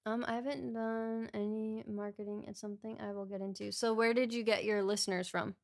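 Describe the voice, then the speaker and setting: A woman speaks in a mid-range voice, relaxed and conversational, as she co-hosts a livestream. She asks questions and walks through practical tips in a friendly, unhurried way, with the odd filler. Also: mid-range voice, vocal fry. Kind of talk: casual livestream chat.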